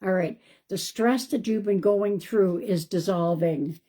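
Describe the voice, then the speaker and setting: A woman, a psychic medium, doing a live-stream card reading in a calm, reassuring way and thinking aloud. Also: mid-range voice, unhurried. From Canada.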